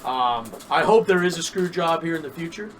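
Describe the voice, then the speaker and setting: A man's voice: on the high side, lively intonation, a little fast, recorded from a distance, a little hiss or hum, poor audio. A man co-hosting a podcast, chatting casually and animatedly, swearing and repeating himself. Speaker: podcast co-host. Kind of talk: casual wrestling chat.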